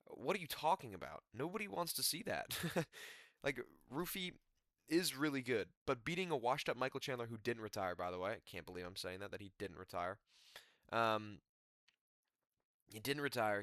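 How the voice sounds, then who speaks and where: A young man talks through a fight card in a loose, slangy ramble, full of energy. His voice is bright and forward. The recording is close and dry, with no room sound. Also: medium pitch, no room sound. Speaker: MMA commentator. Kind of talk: casual fight recap.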